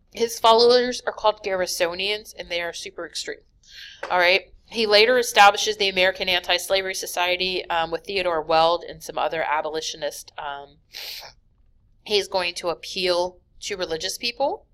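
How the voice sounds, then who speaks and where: A woman teacher giving a recorded history lecture over slides, talking casually with many fillers and quick self-corrections. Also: medium pitch, a bit bright. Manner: casual, many "um"s, corrects her own slips. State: yawning, sleepy.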